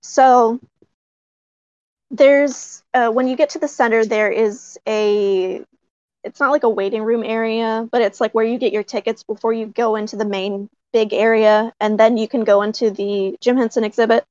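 A woman puppeteer telling a story in casual talk, excited, often laughing and using many fillers. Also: on the high side, moderate pace, dry recording. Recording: dry, slightly dull recording.

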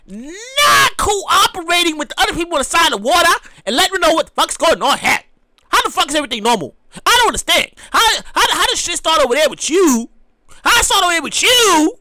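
High, lively woman ranting as show host. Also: dry recording. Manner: excitable, profane, ranting. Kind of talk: comedic rant commentary.

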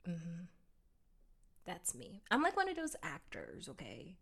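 A woman's voice: on the low side, huge pitch swings, a little slow, vocal fry, fairly bright tone, slightly rough. A woman co-hosting a podcast in casual chat, playful and giggly. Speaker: podcast co-host.

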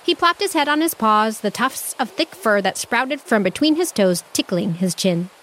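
A woman who hosts a children's podcast, reading a storybook aloud in a playful, unhurried way. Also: fairly high pitch, animated, a bit bright, slight background noise.

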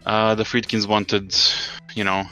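A man's voice: on the low side, flat delivery, a little slow, fairly bright tone, faint music behind. A man co-hosting a casual football podcast, ranting in an exasperated way and swearing often. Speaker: podcast co-host.

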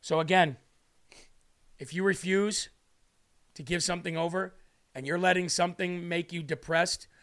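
A man's voice: high voice, steady tone, normal speed, long pauses, fairly bright tone. A man preaching an emotional livestream sermon, pleading and repeating questions for emphasis.

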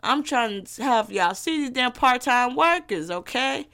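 Young woman, podcast host, slightly high voice, brash, profane, teasing, comedic solo rant. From Gary, Indiana. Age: young adult. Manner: brash, profane and animated, quick to tease. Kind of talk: casual comedic monologue.

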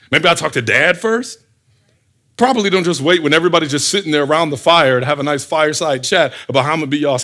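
Male preacher, a bit higher voice, very expressive, quick to act out scenes. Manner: animated, fires rhetorical questions, acts out scenes. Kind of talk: sermon.

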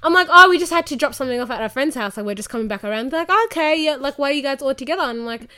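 Young woman, podcast co-host. High-pitched, rapid, animated storyteller who laughs a lot. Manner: animated storytelling, acting out quotes, laughing often. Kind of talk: casual chat between best friends.

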